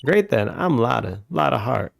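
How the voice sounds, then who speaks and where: A man voicing a brash young Southern woman photographer with a folksy drawn-out drawl, reading a game aloud. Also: mid-range voice, sing-song, vocal fry. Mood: sassy. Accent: American Southern drawl, put on.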